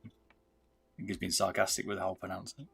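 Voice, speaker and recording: A man's voice: deep voice, monotone, normal speed, vocal fry, a bit bright, husky, soft background music. A British man chatting casually with viewers on a livestream while soldering, calling people "mate". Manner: chatty, talks to viewers, says "mate" a lot. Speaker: livestreamer modding gaming mice.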